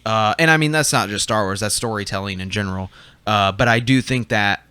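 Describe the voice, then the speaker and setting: A man's voice: lowish voice, brisk, sharp tone, clean tone, no echo. A young man co-hosting a casual fan podcast, talking chattily with fillers and restarts. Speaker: podcast co-host.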